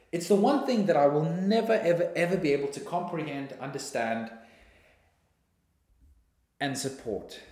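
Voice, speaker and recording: A man with a South African accent giving an indignant, casual monologue. He swears freely and sometimes bursts into shouting. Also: medium pitch, echoey room.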